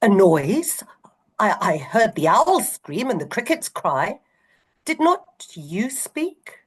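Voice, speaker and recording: Woman reading lady macbeth, slow and hushed, half whispered, lots of ups and downs. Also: medium pitch, big pitch swings, husky, exaggerated voice. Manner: soft, drawn-out reading, some lines whispered. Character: cold-nerved noblewoman urging her husband. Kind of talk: script read-aloud exercise.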